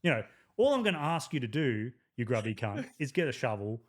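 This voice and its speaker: A man's voice: medium pitch, fairly quick. Profane Australian man spinning a yarn. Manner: profane, animated storytelling with laughs. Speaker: podcast guest. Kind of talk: casual storytelling.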